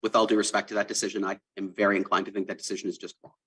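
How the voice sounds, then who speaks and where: A man serving as an appellate judge, firing quick, pressing questions at counsel. His voice is bright and somewhat husky, and he talks at a brisk clip. The sound comes from a courtroom livestream. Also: lowish voice, flat delivery, rough recording. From Wisconsin. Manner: fast, pressing, argumentative questions.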